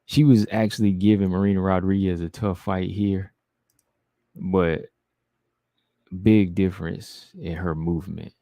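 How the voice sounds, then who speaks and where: A man's voice: low voice, level tone, a little slow, long pauses, warm tone, no room sound. A man hosting a casual livestream, reading viewer comments aloud and answering them in a laid-back way. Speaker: livestream host reading chat.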